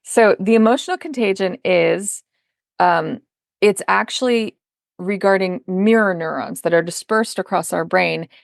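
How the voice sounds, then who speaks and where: A middle-aged woman, a parenting coach, appears as a podcast guest in a conversational interview, explaining things emphatically and acting out the voices she quotes. Her voice is mid-range and unhurried with some vocal fry. The recording is dry, clean studio sound.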